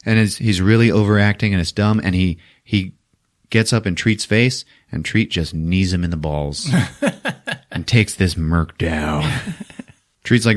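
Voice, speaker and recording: A man hosting a podcast, retelling a movie plot in a loose, profane, animated way and laughing at his own jokes. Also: deep voice, a little slow. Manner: profane, animated retelling with sudden character voices. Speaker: podcast host. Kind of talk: casual movie recap.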